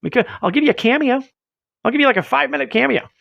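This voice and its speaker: A man's voice: extremely high pitch, very fast, gravelly, dry recording, dull audio. A man hosting a casual livestream, rambling goofily and mocking himself, his voice getting strained. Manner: goofy, rambling and self-mocking. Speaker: livestream host.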